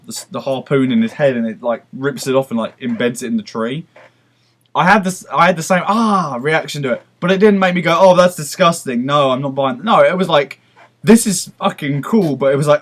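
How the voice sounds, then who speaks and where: A man's voice: a little high, fairly bright tone. A man giving an unscripted video game review, rambling and swearing freely, with many restarts and fillers, and laughing often.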